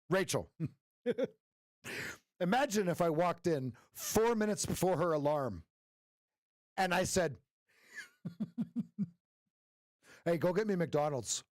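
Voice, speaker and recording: A man hosts a live trading stream in a loose, joking way, laughing often between remarks to his viewers. His voice sits a little high for a man. The sound is close and dry, with no room echo. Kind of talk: casual live-stream chat.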